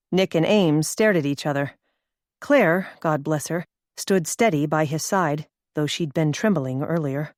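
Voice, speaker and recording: A woman narrating an audiobook in a steady, measured storytelling manner. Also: low-pitched, no echo, studio quality. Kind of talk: scripted narration.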